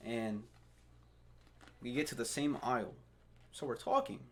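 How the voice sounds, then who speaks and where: A man's voice: medium pitch, measured pace. A young man co-hosting a podcast who jokes around and chimes in on stories in casual chat. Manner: joking, chiming in on stories. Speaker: podcast co-host. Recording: faint background noise.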